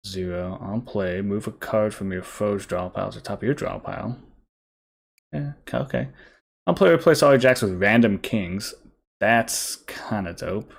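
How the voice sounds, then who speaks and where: Low gravelly man, casual gaming commentary. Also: moderate pace. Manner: thinks aloud, reads card text, many fillers. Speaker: gaming streamer.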